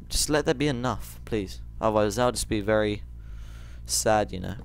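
A man giving rambling let's play commentary, jumpy and quick to shriek when startled. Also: fairly low pitch, gravelly.

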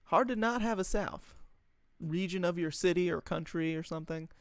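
A man's voice: sits high, moderate pace, no room sound, clean studio sound. A young man from the United States streaming a card game, chatting casually with his chat, joking and laughing often. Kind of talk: casual live-stream gameplay commentary.

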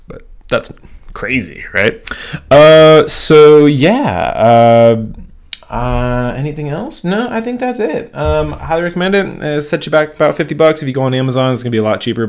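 A man casually vlogging to his viewers, excitable and rambling because he says he is wired on caffeine. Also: medium pitch. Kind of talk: casual home vlog.

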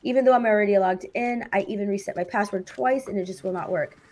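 A woman's voice: mid-range voice, quick pace, a little mellow, a little hiss or hum. A young adult woman co-hosting a gaming stream, upbeat, laughing often and reading chat aloud.

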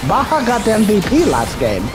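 A man giving casual gameplay commentary, excitable and full of profane trash talk. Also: sits high, moderate pace. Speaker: gamer streaming gameplay. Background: game music.

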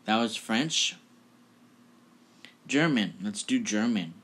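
A man's voice: fairly low pitch, expressive, takes it slowly, a bit bright. A man hosting a casual video, chatty and offhand as he introduces each clip. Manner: chatty and offhand, laughing at the results. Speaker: video host. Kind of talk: casual vlog presenting.

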